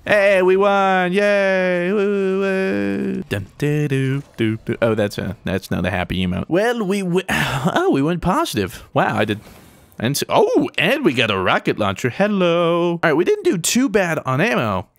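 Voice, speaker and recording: A man with a slightly high, very animated voice gives gameplay commentary. He is excitable and jokey, and he breaks into sudden mild exclamations as the action unfolds. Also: normal speed. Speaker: gaming YouTuber.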